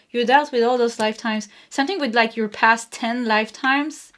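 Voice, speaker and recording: A woman's voice: on the high side, moderate pace, few pauses. Chatty woman doing a tarot reading. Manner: warm, chatty, laughs often, many fillers. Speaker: tarot reader. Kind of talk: casual spoken tarot reading.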